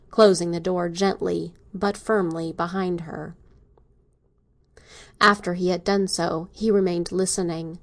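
A woman's voice: lowish voice, fairly bright tone. Woman reading an audiobook. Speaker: volunteer audiobook reader. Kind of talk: audiobook narration.

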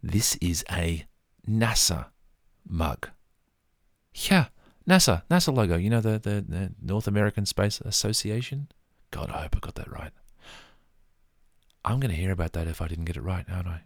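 Deep gravelly man, chatty. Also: expressive, normal speed, no echo, studio quality. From Australia. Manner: chatty, rambling, self-deprecating asides. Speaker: vlogger. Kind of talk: casual show-and-tell monologue.

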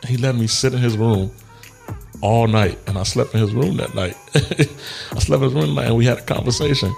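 Gravelly and darkish in tone, this man speaks briskly at a medium pitch over soft background music. Working through grief, he shares a personal story in a candid, reflective, grieving way, with frequent laughter and casual swearing.

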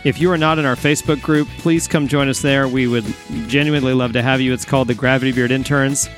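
A man's voice: medium pitch, steady tone, fast, faint music behind. A man co-hosting a podcast in casual chat, friendly and encouraging. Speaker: podcast co-host.

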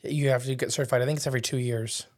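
A man's voice: mid-range voice, fairly even intonation, darkish tone, no echo, clean studio sound. A man hosting a podcast, chatting casually and rambling, mocking himself and piling on facts. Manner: rambling, self-mocking, quick to add facts. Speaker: podcast host. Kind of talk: casual chat. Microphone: studio microphone with headphones.

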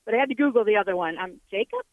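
A woman's voice: mid-range voice, expressive, rapid-fire, no room sound. Cheerful female caller on a muffled line. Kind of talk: call-in on a radio show.

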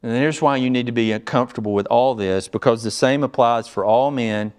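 A male pastor teaches a small group through a Bible passage. His voice is smooth and resonant at an average pitch. He talks earnestly and with emphasis, stopping often to ask the group whether they follow. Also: a little fast, darkish tone.

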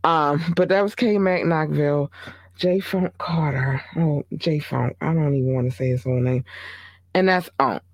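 A podcast host with a Baltimore accent who talks loosely, drifting into fillers and quick corrections. The voice sits at a middling pitch and is recorded dry and close, with no room sound. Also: dry recording. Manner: rambling, chatty, many fillers and asides. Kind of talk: casual podcast chat.

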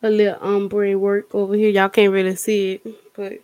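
A woman's voice: mid-range voice, completely flat delivery, normal speed, a little mellow, smooth. A woman co-hosting a casual live podcast, giving brief, bashful replies.

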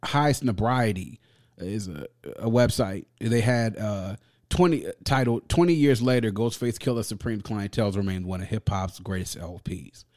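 A man's voice: lowish voice, moderate pace, darkish tone. A man reviewing a record on a podcast in a casual, enthusiastic way, with slang and frequent laughter. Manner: enthusiastic, slangy, laughs often, reads lyrics aloud.

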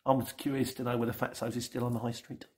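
A man's voice: mid-range voice, little pitch movement, fast, darkish tone, slight background noise. A middle-aged man with a London accent hosts a casual Q&A, reading out viewer comments in a chatty, rambling way with self-mocking asides. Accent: London English. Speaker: YouTube channel host.

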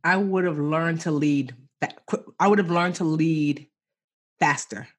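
Husky lady guest on a podcast, chatty and animated, middle-aged. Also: deep voice, measured pace. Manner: lively storyteller, animated self-quotes. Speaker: guest entrepreneur. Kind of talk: casual interview chat.

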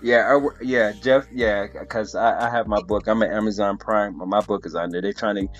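A man hosting a podcast, talking in a relaxed, agreeable, conversational way. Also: fairly low pitch, normal speed, soft background music. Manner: relaxed, agreeable, laughs along. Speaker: podcast host. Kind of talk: casual conversation.

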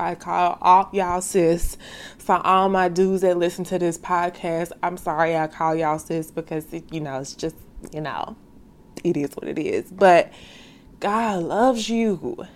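A woman hosting a devotional podcast who talks straight to her listeners in a slangy, heartfelt way. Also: lowish voice. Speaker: faith podcast host. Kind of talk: casual devotional podcast monologue.

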